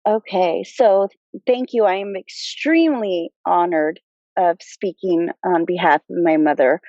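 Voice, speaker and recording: Woman, slow and choked up, soft mellow voice, muffled dry video-call audio, memorial tribute. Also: on the low side, no echo. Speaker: family member giving a tribute. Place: outdoors at a cemetery graveside.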